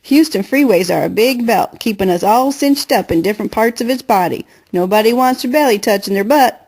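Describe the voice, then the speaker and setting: A woman's voice: a little high, darkish tone, slightly rough, pitched above the performer's own voice. A woman reading an audiobook, voicing a playful, confident girl who chatters and teases. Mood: chatty. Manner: fast bubbly chatter, teasing. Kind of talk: audiobook character voice.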